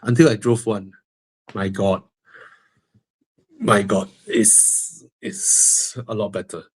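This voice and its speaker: A man with a Malaysian English accent answers viewers' car-buying questions on a live Q&A stream. His voice is fairly low, steady and slow, and his manner is frank and joking, with a stuffy nose causing heavy breathing.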